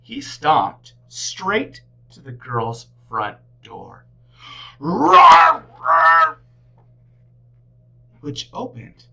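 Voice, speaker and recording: A woman teacher reading a picture book aloud to children, with big expressive swings in her delivery. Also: a bass voice, vocal fry, husky, poor audio. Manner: animated, big swings for characters.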